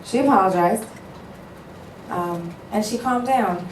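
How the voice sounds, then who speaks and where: A woman matchmaker giving a heartfelt talk to an audience, telling stories and acting out both sides of conversations in an animated way. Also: medium pitch, takes it slowly. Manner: earnest, animated storytelling, acting out both sides of phone calls. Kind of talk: speech to an audience. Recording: echoey room, voice a bit far from the mic, faint background noise.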